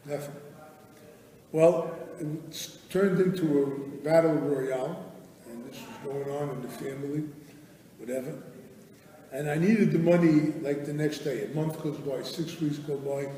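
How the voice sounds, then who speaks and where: Older rabbi telling a story in an echoey hall. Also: male voice, a little high, a little slow, recorded from a distance. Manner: animated storytelling, acts out family dialogue. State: hard of hearing. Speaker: guest rabbi speaker. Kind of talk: live Torah class storytelling. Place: large hall with live audience.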